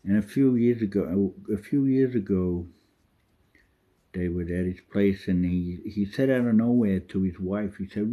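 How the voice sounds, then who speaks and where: Man, deep raspy voice, rambling self-talk vlog, dull lo-fi sound. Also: measured pace. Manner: rambling, refers to himself in the third person; swears freely, drifts off topic. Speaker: vlogger. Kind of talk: rambling monologue.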